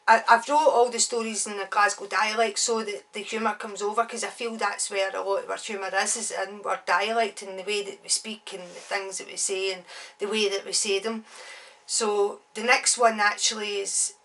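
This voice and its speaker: A Glaswegian woman in her forties, chatting bluntly and swearing freely as she tells a story to camera. Her voice sits at an average pitch for a woman. She sounds a little distant from the microphone. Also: level tone, moderate pace, fairly bright tone. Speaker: author. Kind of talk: casual promo vlog storytelling.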